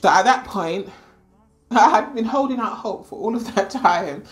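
Young woman vlogging, chatty storytime, kinda low voice, acts out the quotes. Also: moderate pace. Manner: chatty, animated retelling with quoted voices and laughs. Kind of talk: casual storytelling.

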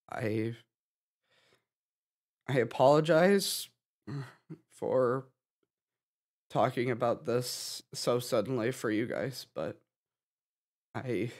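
A young man giving a halting personal update to his channel, sighing and restarting his sentences, tearful from crying. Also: medium pitch, a little mellow. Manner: halting, with many restarts and sighs. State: tearful, having been crying. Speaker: gaming YouTuber.

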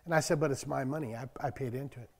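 A man's voice: mid-range voice, rapid-fire, in a large hall. A man in his sixties preaching a conversational sermon to a small church, telling homespun stories and raising his voice for bursts of scripture. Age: 60s. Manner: folksy, storytelling, bursts of loud emphasis on scripture. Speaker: pastor.

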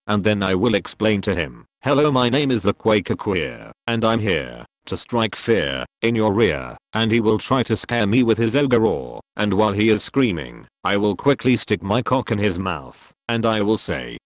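Man with a low voice for a gleeful, giggling comic monologue; dry sound. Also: animated, moderate pace, hardly any pauses, dry recording. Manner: gleeful, giggling, sing-song chants. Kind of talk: crude comic monologue in character.

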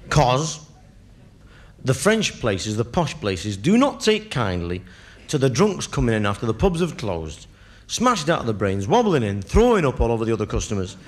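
A man, a stand-up comedian telling a story in a conversational, punchy way and checking in with the crowd. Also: medium pitch. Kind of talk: live comic storytelling.

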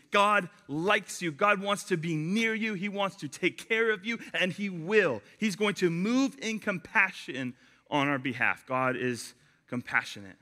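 A young man giving a casual youth sermon, chatty and animated, telling stories with lots of fillers. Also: high-pitched. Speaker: youth pastor.

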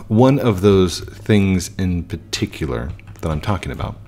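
A man's voice: sits low, sing-song, slow, darkish tone, breathy edge. A man in his thirties talking casually and reflectively while playing a game, often restarting his sentences. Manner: reflective, frequent restarts and fillers. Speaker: gaming YouTuber.

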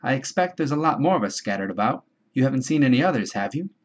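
A man's voice: medium pitch, expressive, fast, muffled recording, close to an everyday voice. A man doing a fretful chubby schoolboy. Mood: eager. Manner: fretful, ungrammatical, eager to please. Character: chubby anxious bespectacled schoolboy with asthma.

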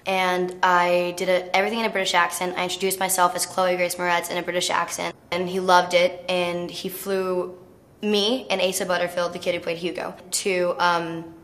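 A teenage girl telling stories casually in an interview, chatty and animated, with plenty of filler words. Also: lowish voice, normal speed. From United States. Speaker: actress interviewee.

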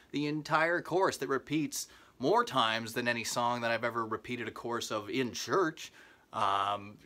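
A young comedian telling a rambling comic story in a home vlog, full of asides and fillers, now and then leaping up into mock disbelief. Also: male voice, sharp tone. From Canada. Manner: jumps into exaggerated high disbelief. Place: parents' basement.

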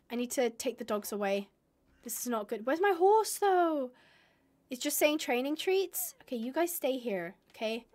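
A young woman streaming a game live, chatting to viewers and gushing and squealing over cute animals. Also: high-pitched.

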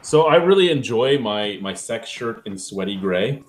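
A man in casual chat, telling animated stories about his workplace. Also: lowish voice, moderate pace.

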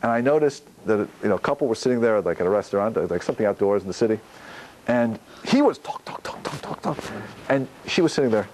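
A man, a rabbi, giving a Torah lecture on prayer, animated, posing questions and answering them himself. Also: fairly low pitch, quick pace, slight background noise, low-quality recording. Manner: animated, gestures while talking, asks and answers own questions.

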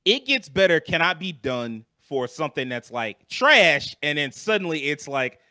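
A young man with a bright, forceful voice, pitched a little high, talks through a casual podcast chat. He gets animated, swears freely and leans on fillers. The mic sound is close and dry. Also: normal speed, dry recording. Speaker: podcast co-host.

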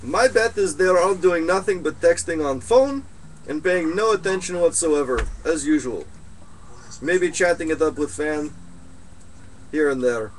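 A man voicing a solemn mystic guru who speaks broken English and drops his articles, pausing with slow "uh"s in an improvised comedy sketch. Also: a little high, expressive, slight background noise, low-quality recording. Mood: weary.

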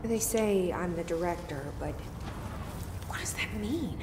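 A man putting on a mocking falsetto, voicing a whiny, unsure young woman who was just made director. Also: animated, unhurried, reverberant, in a large hall, over a noisy crowd. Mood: mocking whine.

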